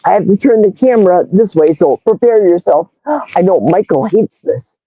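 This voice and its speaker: A woman's voice: medium pitch, expressive, normal speed, dark tone, no echo, lo-fi sound. A woman in her sixties hosting a casual livestream, rambling from one story to the next and reading viewers' chat comments aloud. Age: 60s. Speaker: livestream host.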